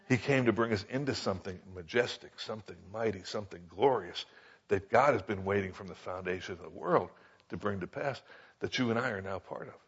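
A man with a husky, slightly breathy voice delivers a conversational Bible teaching, full of asides and quick checks with his listeners. The recording is dull and lo-fi. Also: mid-range voice, a bit bright. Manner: conversational, folksy, frequent rhetorical asides. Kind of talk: sermon.

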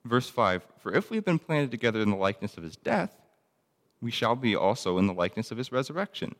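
A man's voice: mid-range voice, sing-song, fast, in a large hall. A man teaching a Bible lesson in a conversational way, reading verses aloud between plain explanations with frequent ums and restarts.

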